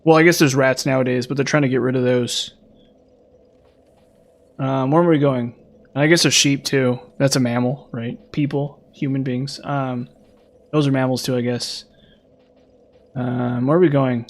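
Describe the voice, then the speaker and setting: A man talks casually while he plays a video game, rambling along with plenty of fillers and restarts. His voice sits at an ordinary middle pitch. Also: fairly even intonation, moderate pace, long pauses. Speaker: gaming streamer.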